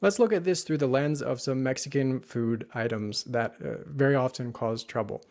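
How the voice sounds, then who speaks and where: A man teaching Spanish pronunciation in an online lesson, saying each word slowly and carefully to show how it should sound. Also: medium pitch, darkish tone. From United States. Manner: clear, careful modeling of words.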